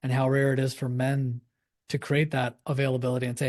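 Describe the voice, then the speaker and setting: A man speaking earnestly as a guest in a reflective conversation, running through lists of words with lively emphasis. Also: mid-range voice, a little fast.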